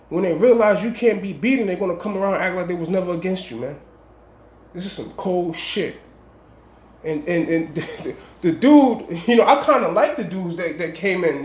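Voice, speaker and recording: A man telling a long dream story in casual, rambling street slang with emphatic warnings. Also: high voice. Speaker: vlogger. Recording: echoey room.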